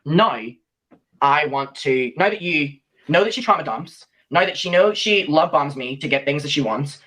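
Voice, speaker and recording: A man's voice: on the high side, animated, moderate pace, fairly bright tone. A young man recounting a personal story in a played clip, animatedly acting out the lines of the people he quotes.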